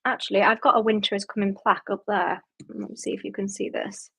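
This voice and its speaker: A young woman with a Yorkshire accent talks through a casual livestream from home. She reads out viewer comments and answers them at length in a loose, chatty ramble full of "like" and "um". Her voice sits at an ordinary middle pitch for a woman. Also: level tone, quick pace, vocal fry, pushed and bright, husky. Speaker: booktube host.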